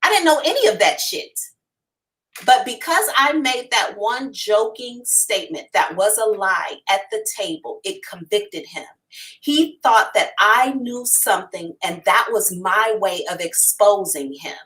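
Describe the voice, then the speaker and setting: A woman hosting a psychic livestream tells a story with a bright, forward tone. She is animated and frank, swears casually, and keeps turning to her viewers directly. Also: medium pitch, a little slow, distant mic, low-quality recording. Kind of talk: storytelling to a live audience.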